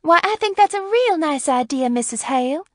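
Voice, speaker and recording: A woman's voice: a little high, animated, a little slow, dry recording, studio quality, voice pushed up. A woman reading the part of a timid sheriff's wife in a story, speaking hesitantly and in a shrinking way. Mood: eager.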